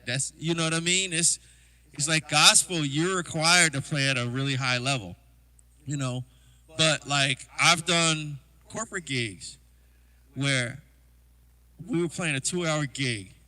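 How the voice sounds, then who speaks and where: A man, a drummer, chatting to his livestream audience and telling loose, rambling stories about past gigs, full of "you know" asides. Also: a little high. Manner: acts out quoted exchanges in a hushed voice. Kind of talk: casual livestream storytelling.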